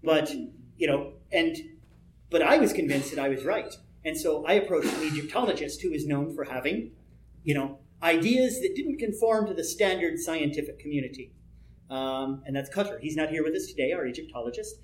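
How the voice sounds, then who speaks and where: A man's voice: a little high, lively intonation, brisk, a little hiss or hum. A man giving a conversational workshop talk on building role-play personas, rambling with frequent asides and chuckles. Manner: rambling, chuckling, many "you know" asides. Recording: echoey room.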